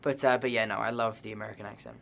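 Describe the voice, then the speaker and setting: A man's voice: lowish voice, fairly even intonation, rapid-fire, vocal fry, a bit bright. A man from England with a Southwest London accent, an actor guest answering press interview questions in an upbeat, easygoing way. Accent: Southwest London English.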